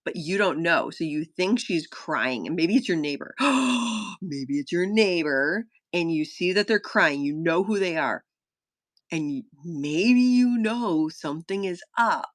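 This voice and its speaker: A woman's voice: lowish voice, lively intonation, a little slow, dry recording. A chatty woman in her thirties thinks aloud as she tests her own solo game live. She rambles with lots of fillers and gasps when an idea hits. Her voice sits close and dry, with no room around it. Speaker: solo game designer streaming a playtest.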